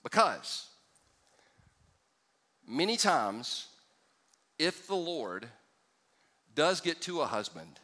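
Pastor, male, bright and fairly high voice, animated sermon delivery with acted bits, big reverberant hall. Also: takes it slowly, pauses often. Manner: animated storytelling, acts out voices, joking asides.

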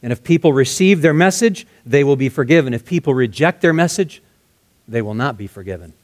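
A man preaching a verse-by-verse sermon in a conversational way, dropping to soft, hushed tones for emphasis. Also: medium pitch, expressive, fairly quick. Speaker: pastor. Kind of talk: expository sermon.

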